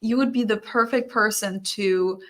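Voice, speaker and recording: A woman's voice: mid-range voice, a little slow, a bit bright. A German woman with a German accent, a guest on a podcast, explaining thoughtfully in casual conversation.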